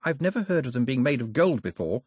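A man voicing an eager, clever young girl who explains things in earnest, well-spoken and quick to get excited. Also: mid-range voice, husky, dry recording, studio quality. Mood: delighted.

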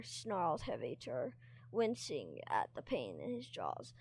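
A woman's voice: low-pitched, wildly swooping pitch, measured pace, creaky, a little mellow, husky, no room sound. A woman reading a novel aloud expressively, now and then tripping over words and commenting on the characters. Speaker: reader and teacher.

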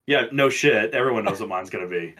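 A young man co-hosting a podcast, chatting casually in a loud, profane, animated way. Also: lowish voice, fast. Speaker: podcast co-host. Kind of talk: casual chat.

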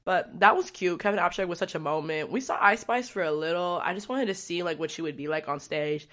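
A young woman talks straight to her viewers in a loose, rambling vlog style. Her voice sits a little low for a woman, and she swears freely and keeps dropping in "like" as she goes. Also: a little fast, a bit bright. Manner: chatty, profane, rambling storytelling with frequent fillers. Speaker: vlogger. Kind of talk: casual vlog chat.

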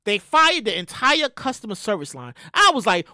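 A woman hosting her own show, ranting in a loud, profane, animated way with sudden shouted bursts. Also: mid-range voice, moderate pace, hardly any pauses. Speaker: show host. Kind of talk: solo comedic rant.

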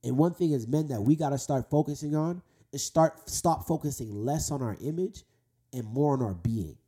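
A young man hosting a faith talk for men, preaching earnestly and slowing down to drive points home. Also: mid-range voice, lively intonation, warm tone, breathy edge. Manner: earnest, exhorting, slows down for emphasis. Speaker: host speaking to men about faith.

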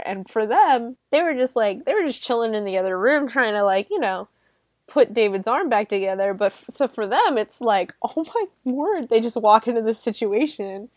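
A woman's voice: on the high side, dry recording. A woman recapping a horror film in a casual, chatty way, swearing freely and filling her talk with "like" and laughter. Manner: chatty, profane, lots of fillers and laughter. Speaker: horror movie reviewer. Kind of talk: casual spoken movie recap. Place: home room.

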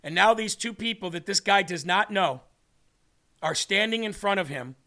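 A man with a high, bright voice delivers a storytelling sermon as host of his show. He acts out each person's words in the story with lively changes of tone. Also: moderate pace. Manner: animated, acts out dialogue in a story. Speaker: host and preacher.

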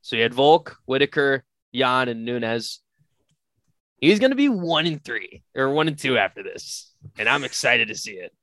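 A young man co-hosting a casual podcast chat, excitable and foul-mouthed, often bursting into shouts. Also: medium pitch, moderate pace, no room sound. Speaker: podcast co-host.

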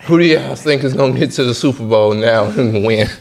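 A man's voice: medium pitch, brisk, gravelly, a little mellow. A man co-hosting a sports podcast, moving the casual chat along loosely. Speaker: podcast co-host.

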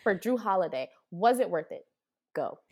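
A woman's voice: medium pitch, big pitch swings, moderate pace, darkish tone. A woman co-hosting a casual sports chat, steering the topics and laughing along. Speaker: podcast co-host.

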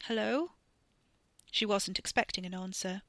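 A woman reads a scripted story in a measured, steady way. Her voice is bright, and the recording is dry and close. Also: mid-range voice, no room sound. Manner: measured, reading with acted dialogue. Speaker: narrator.

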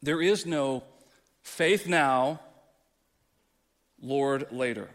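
A male pastor preaching a sermon with passion, dropping low and then rising loud. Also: very slow. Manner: impassioned preaching, swings from quiet to loud. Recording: long hall reverb.

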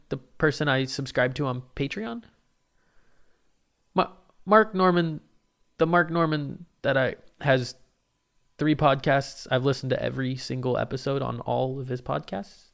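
A man with a gravelly, fry-edged voice that still sounds smooth and resonant, rambling through a casual podcast monologue. He talks in an excitable, profane way, piling on restarts and asides as he tells his story. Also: mid-range voice. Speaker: podcast host and open-mic comedian.

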